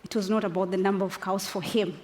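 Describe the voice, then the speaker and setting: Speaking fast in a medium-pitched, darkish voice with a steady tone, a woman from Kenya in her forties delivers a passionate, unscripted talk about her life. She's emphatic and near tears, laughing between phrases, her words echoing through a large conference hall with long reverb.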